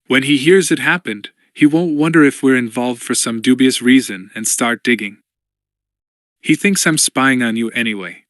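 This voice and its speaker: Deadpan sardonic spy, read by a man, dry booth recording. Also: medium pitch, normal speed, dry recording, lightly acted. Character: dry sardonic male intelligence agent.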